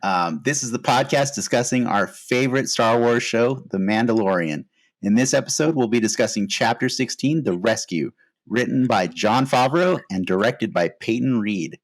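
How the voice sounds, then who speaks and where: A man's voice: medium pitch, moderate pace. A man hosting a fan podcast, chatting casually and earnestly with frequent "uh" fillers. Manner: relaxed, many "uh" fillers, earnest. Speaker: podcast host.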